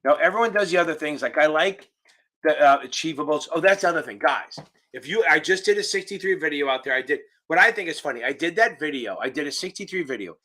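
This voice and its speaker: Casting note: male finance tutor, bright tone, loose and profane, talking on a video call mic. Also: on the high side, expressive, fast. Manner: casual, profane, joking teacher. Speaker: exam tutor. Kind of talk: live online Q&A lesson. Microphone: computer mic on a video call.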